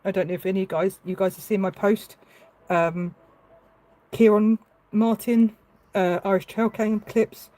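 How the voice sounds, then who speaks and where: The woman's voice is medium-pitched, level and a little slow, with a dark tone, no echo and a rough recording. She paints on a live stream while chatting casually, hesitating with fillers and restarts. A mother, she becomes tearful at moments.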